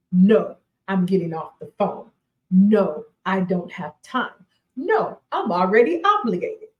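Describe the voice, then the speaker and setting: A woman's voice: mid-range voice, roomy sound, highs cut off. A woman in her forties hosting a radio show, giving casual motivational talk, emphatic and repeating herself, laughing often. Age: 40s.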